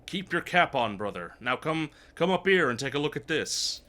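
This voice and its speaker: Gruff medieval knights trade barbs in archaic phrasing, as a man reads their game dialogue aloud. The delivery is only lightly dramatic, in a bright, tense voice, over a faint hiss. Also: on the high side, big pitch swings, normal speed. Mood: bickering.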